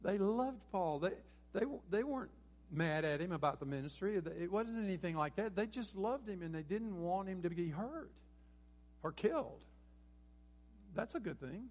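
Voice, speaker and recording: A man's voice: high voice, lively intonation, moderate pace, darkish tone. A man preaching a sermon as pastor, earnest and rising to emphatic peaks, with frequent restarts. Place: church sanctuary.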